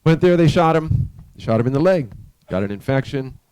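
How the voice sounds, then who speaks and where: A man preaching in a church, telling a story in a conversational, halting way with frequent restarts. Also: on the high side, expressive, darkish tone, smooth, dry recording. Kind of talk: storytelling sermon.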